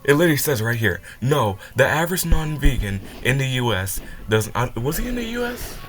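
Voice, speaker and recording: A man's voice: mid-range voice, very animated, brisk, fairly bright tone, faint music behind. Heated young man ranting in reaction. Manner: heated, swearing, rants and stumbles over words. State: sounds upset after crying. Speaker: reaction video host. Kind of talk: reaction commentary.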